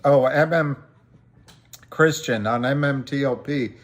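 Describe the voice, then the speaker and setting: Slow, halting male livestream host. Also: medium pitch. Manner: slow, halting, many ums and restarts. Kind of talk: casual livestream chat reading viewer comments.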